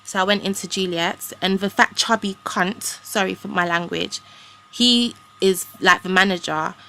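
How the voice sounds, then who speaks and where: A woman's voice: medium pitch, steady tone, normal speed, vocal fry, pushed and bright, slight background noise. A young woman, ranting in a rambling, indignant way with casual slang as a vlogger. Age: young adult. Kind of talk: ranting to camera.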